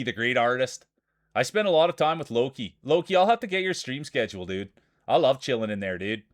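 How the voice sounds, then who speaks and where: Calling a marble race live on stream, a man with a strong rural Saskatchewan Canadian accent hypes the racers with playful announcer shout-outs. His mid-range voice comes through in clean studio sound with no echo.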